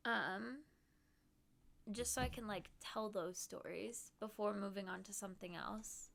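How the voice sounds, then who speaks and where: A young woman streamer chatting casually on stream, speaking in a put-on Boston accent. She is animated and self-deprecating, acts out quotes and giggles often. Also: mid-range voice, unhurried, gravelly. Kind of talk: casual chat. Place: home streaming setup.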